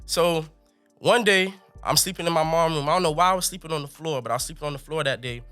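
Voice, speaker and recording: A lively young man spinning a comic story, laughing along the way. His voice is high and bright, with soft music far under him. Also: fast. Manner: animated, laughing, colorful slang. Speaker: podcast guest.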